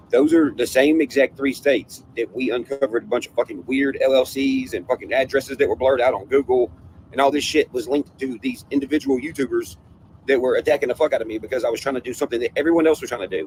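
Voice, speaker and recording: A man with a mid-range, darkish voice rants as a guest on a casual livestream panel, profane and full of conspiracy talk. The audio is poor, with faint noise in the background.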